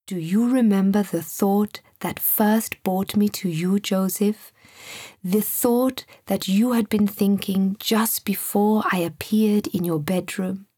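A woman reading the lines of a kind, wise male guide, speaking in a soft, gentle voice. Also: medium pitch, expressive, slow pace, no room sound, studio quality.

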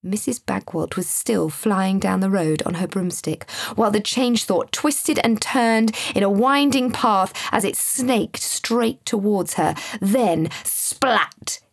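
A woman reading a children's story aloud in a gentle, expressive way. Her voice is a little husky and sits at a middle pitch. The recording is close and dry. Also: measured pace, few pauses, no echo. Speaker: narrator.

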